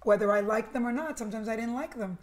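A middle-aged woman from Cuba, raised in New Jersey, with a New York accent, telling her story as an interview guest in a lively, emphatic way. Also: a little high, quick pace. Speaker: interview guest, media executive. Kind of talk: casual conversational interview.

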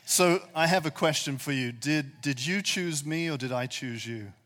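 A man's voice: on the high side, moderate pace, a bit bright. A pastor preaching a sermon to his congregation, speaking earnestly and emphatically with many rhetorical questions. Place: church sanctuary with a reverberant hall. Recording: long hall reverb.

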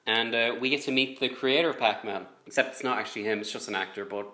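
A man co-hosting a podcast in casual chat, halting and often steering the talk back on track. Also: mid-range voice, bright, forceful tone. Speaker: podcast co-host.

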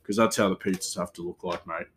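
A man's voice: low voice, steady tone, quick pace, fairly bright tone, slight background noise, voice pushed down. A man voicing a bossy, boastful male pizza shop boss, lecturing and pompous.

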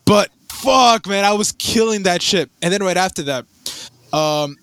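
A young man telling a rambling story in casual chat, animated and swearing, with lots of fillers and restarts. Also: high-pitched, a little slow, clean tone, dry recording.

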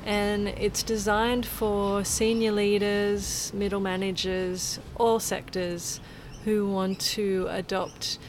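A woman guest on a casual podcast interview, agreeable and quick to affirm. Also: medium pitch, level tone, slight background noise.

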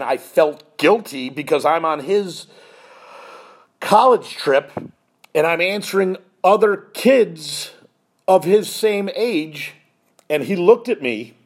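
Man, fifties, podcast host, earnest, emotional, higher-pitched husky voice. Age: 50s. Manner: earnest, emotional, choked up at times. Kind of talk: emotional personal storytelling.

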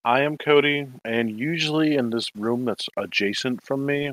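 A man's voice: medium pitch, normal speed, a bit bright, no echo. Man, podcast guest, laid-back, rambling, swears freely, dry sound. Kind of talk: casual podcast chat.

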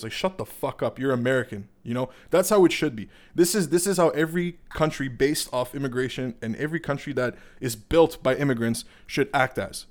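A young man with a Canadian accent rants casually, swearing freely and wandering off on tangents. His pitch sits in the middle range, and he talks in a worked-up, conversational way. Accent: Canadian English. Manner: profane, rambling, heated, digresses often. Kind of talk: casual political rant.

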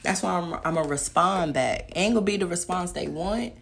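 A woman hosting a podcast, talking in a casual, profane monologue that swings between loud emphatic outbursts and muttered asides. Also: on the low side, normal speed, gravelly, a little hiss or hum. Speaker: podcast host.

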